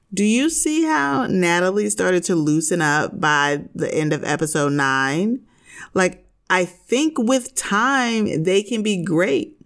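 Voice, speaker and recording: A woman's voice: medium pitch, a bit bright. A woman hosting a podcast, chatting casually about a TV show with sassy, opinionated asides. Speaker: podcast host. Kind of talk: casual TV recap chat.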